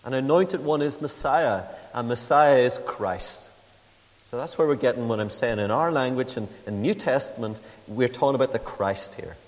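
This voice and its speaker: Pastor preaching in a reverberant hall. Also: male voice, mid-range voice, normal speed. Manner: conversational, asks the congregation questions. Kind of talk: sermon. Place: church building.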